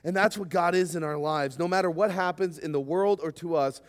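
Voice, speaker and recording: A man preaching a sermon, emphatic and lively, sometimes acting out short quoted voices. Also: on the high side, fairly quick. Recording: hall reverb.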